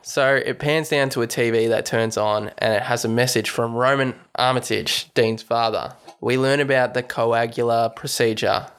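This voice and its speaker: A man's voice: mid-range voice, fairly even intonation, moderate pace, hardly any pauses, fairly bright tone, clean tone. A man co-hosting a podcast, casually retelling a film's plot, swearing freely and acting out the characters' lines. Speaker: podcast co-host. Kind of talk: casual movie recap chat.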